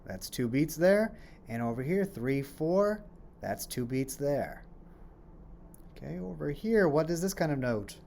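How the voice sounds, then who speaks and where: A man's voice: on the high side, expressive, measured pace, creaky, darkish tone, a little hiss or hum. A man teaching a children's music lesson on rhythms, explaining patiently, asking questions and then answering them, and chanting rhythm syllables as he claps.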